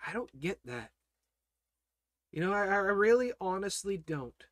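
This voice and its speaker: Impassioned high-voiced male Bible teacher. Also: big pitch swings, measured pace, no room sound, clean studio sound. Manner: impassioned preaching, swinging from loud declarations to hushed prayer. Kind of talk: Bible study sermon.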